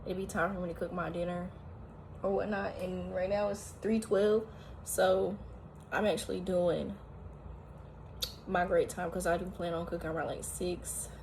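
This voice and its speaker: A woman chatting casually as she cooks at home, tired and a little out of breath, talking at length with sudden loud exclamations. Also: mid-range voice, slight background noise. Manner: talkative, animated, often exclaiming. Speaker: home cooking vlogger. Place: home kitchen, indoors.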